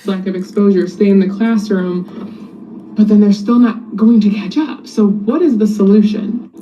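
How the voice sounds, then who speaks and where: A woman's voice: mid-range voice, measured pace, dark tone. Woman speech therapist venting to camera, earnest and questioning, kinda muffled and far off, faint hiss. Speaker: speech-language pathologist. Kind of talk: talking-to-camera monologue. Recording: dull, distant played clip with faint noise.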